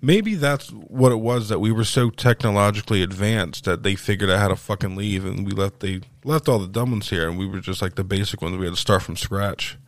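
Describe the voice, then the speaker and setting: A man with a fairly low voice chats casually on a podcast. He sounds stoned and rambles in a loose, meandering way. The recording is dry and close. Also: fairly quick, hardly any pauses, no echo. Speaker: podcast co-host. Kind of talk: casual chat.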